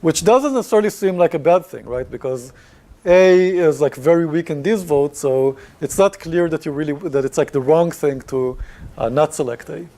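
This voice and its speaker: Lecturer man with a mellow voice. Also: on the high side, normal speed. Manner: conversational, many fillers, asks class questions. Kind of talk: university lecture.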